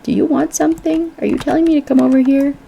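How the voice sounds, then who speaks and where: A woman's voice: sits high, steady tone, fast, creaky, mellow, slight background noise. A woman streaming a video game, making casual wry comments to herself.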